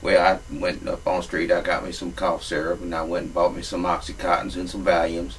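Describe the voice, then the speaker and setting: A man's voice: deep voice, monotone, brisk, recorded from a distance, a little hiss or hum, low-quality recording. A man, telling a crude comic story in a profane, drawling redneck manner. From Louisiana.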